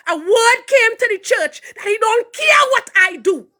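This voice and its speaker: A woman with a Trinidadian accent who is a minister, giving an impassioned live testimony with fervent, preaching delivery that rises to shouts. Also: extremely high pitch, very animated, a little slow, few pauses. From Trinidad and Tobago. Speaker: minister and hairdresser.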